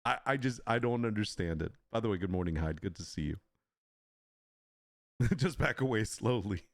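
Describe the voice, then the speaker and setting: A man's voice: lowish voice, animated, moderate pace, dry recording. A man hosting a casual livestream, laughing often and reacting in disbelief as he reads. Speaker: livestream host.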